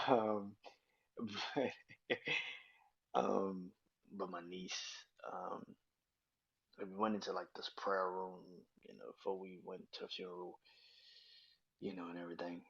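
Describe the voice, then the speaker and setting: Low, husky man speaking in halting grief. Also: level tone, no echo, highs cut off. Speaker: podcast host. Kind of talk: personal monologue on grief.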